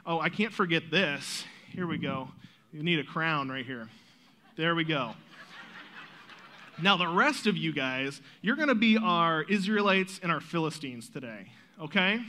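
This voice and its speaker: A man leading a children's church Bible story skit, coaxing kids on stage and telling the story as a lively, encouraging storyteller. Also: a little high, unhurried, a little hiss or hum.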